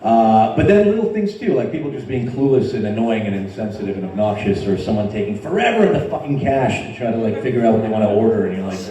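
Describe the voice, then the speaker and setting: Guy on a convention panel, animated and teasing, super echoey big hall. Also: fairly low pitch, quick pace, few pauses, recorded from a distance, dull audio. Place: large hall, onstage.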